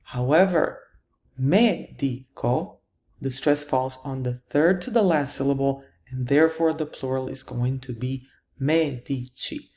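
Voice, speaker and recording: A woman's voice: very deep voice, moderate pace, darkish tone. A woman teaching a grammar lesson, patiently explaining rules and answering her own questions. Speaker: Italian teacher.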